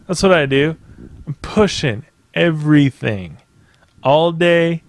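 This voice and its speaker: A man's voice: fairly high pitch, unhurried, no echo. A man hosting a podcast by himself, ranting in a casual, rambling way with plenty of profanity and emphatic asides. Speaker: podcast host. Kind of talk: casual solo podcast rant.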